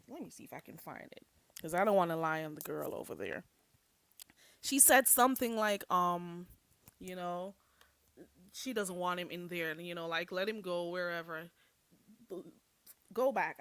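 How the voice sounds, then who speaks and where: A woman giving casual livestream commentary, chatty and animated, who greets her chat viewers by name. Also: mid-range voice, no room sound. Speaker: YouTube commentator.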